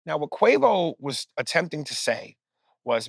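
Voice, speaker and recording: A man with a New York accent, a comedian and podcast guest, telling stories in lively, profane conversation. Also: a little high, a little slow, gravelly, dry recording, clean studio sound. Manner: animated comic storytelling, profane. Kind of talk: casual conversation.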